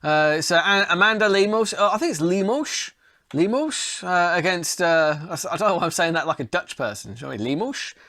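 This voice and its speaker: A man's voice: sits high, fast talker, few pauses, pushed and bright, dry recording. A man giving a casual, rambling fight breakdown and betting pick, swearing now and then. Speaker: fight analyst and tipster.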